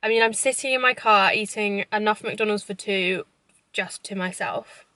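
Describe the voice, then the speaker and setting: A woman's voice: mid-range voice, moderate pace, bright, forceful tone, dry recording. A young woman chats casually to camera from her parked car while eating. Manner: chatty, eating while talking. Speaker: YouTuber.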